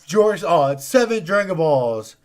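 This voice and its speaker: A young man co-hosting a casual talk show, his pitch high and swinging widely as he tells a story. He swears freely and laughs loudly in an animated, profane way. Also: slow, very noisy. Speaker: podcast co-host. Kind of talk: casual chat.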